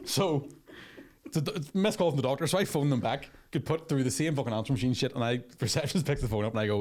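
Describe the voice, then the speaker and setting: Man, podcast host; quick profane yarn-spinning, mimics others. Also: mid-range voice. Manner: profane, animated storytelling with acted quotes. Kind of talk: casual storytelling chat.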